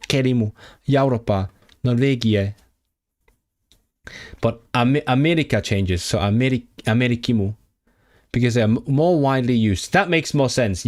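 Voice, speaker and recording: A man's voice: lowish voice, darkish tone. A man studying a language on a livestream, thinking aloud and repeating foreign words to practice them. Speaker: language learner streaming. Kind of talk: casual self-study livestream.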